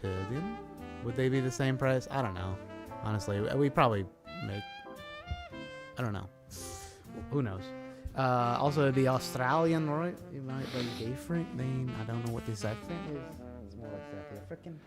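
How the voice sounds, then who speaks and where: A man chats loosely with viewers during a livestream, joking around in a relaxed, offhand way. His voice has an ordinary middle pitch for a man. Faint music is heard behind him. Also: moderate pace. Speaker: podcast co-host. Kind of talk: casual livestream chat.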